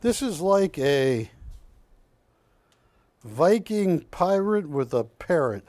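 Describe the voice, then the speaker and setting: A man's voice: fairly high pitch, very animated, slow, darkish tone. A man hosting a live shopping-channel art auction, calling bids with joking, teasing banter from a TV studio.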